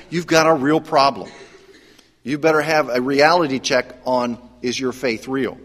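A male pastor preaches a sermon earnestly and conversationally, often restarting his phrases. His voice sits on the high side with a slightly bright tone, and a long hall reverb surrounds it.

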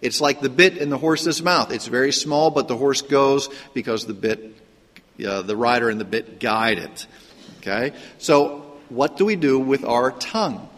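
Preaching in a church sanctuary, a Pittsburgh-born pastor talks through his sermon in a conversational way, with a hint of Pittsburgh accent, many rhetorical questions, and frequent restarts. The voice is medium-pitched and a bit bright, a little slow, with a long reverb tail.

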